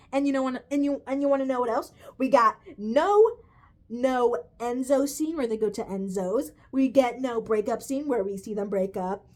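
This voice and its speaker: A woman's voice: sits high, a little mellow. A young woman ranting in a casual video commentary, exasperated, swearing freely and calling her viewers "bro". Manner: exasperated, swears a lot, says "bro" often. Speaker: vlogger.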